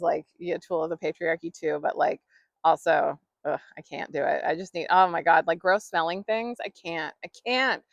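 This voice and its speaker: Chatty woman host, solo podcast, gravelly tone, dry lo-fi recording. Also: fairly low pitch, no room sound. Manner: chatty, rambling, many fillers and laughs. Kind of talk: casual solo podcast monologue.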